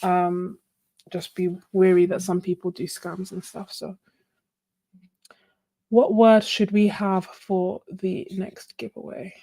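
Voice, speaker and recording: A woman's voice: lowish voice, little pitch movement, slow, vocal fry, dark tone, no room sound, clean studio sound. A woman hosting a casual art livestream, chatting, laughing often and thinking aloud. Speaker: art channel host.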